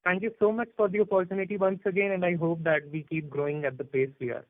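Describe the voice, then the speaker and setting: A man's voice: high voice, fairly even intonation, fast, dry recording. A man with an Indian English accent, an analyst asking polite, hedging questions on an earnings call. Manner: polite, thanks often, hedging. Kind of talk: conference call Q&A. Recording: dry tinny phone line.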